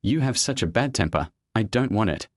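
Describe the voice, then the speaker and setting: A man's voice: on the low side, animated, brisk, dry recording, studio quality. A man voicing a cocky young male martial artist who teases the people around him. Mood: teasing. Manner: smug, teasing.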